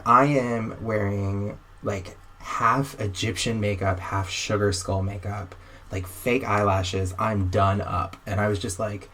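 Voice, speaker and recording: A man's voice: fairly low pitch, takes it slowly, a little hiss or hum. A young man, a podcast guest, telling a long story casually and acting out the other people in it. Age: young adult. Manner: animated, acts out dialogue in quotes.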